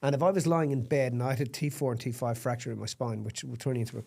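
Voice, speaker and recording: Mellow-voiced man telling his story. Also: mid-range voice, steady tone, racing, vocal fry. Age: middle-aged. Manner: emphatic and raw, with blunt swearing. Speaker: podcast guest. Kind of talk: candid personal storytelling.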